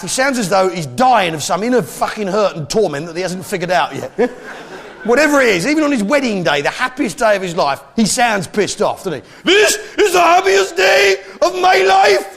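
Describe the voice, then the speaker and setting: A man's voice: high-pitched, big pitch swings, a little fast, creaky, fairly bright tone. An Englishman doing sweary, mock-patriotic stand-up comedy, with audience laughter behind him. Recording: live show with crowd noise.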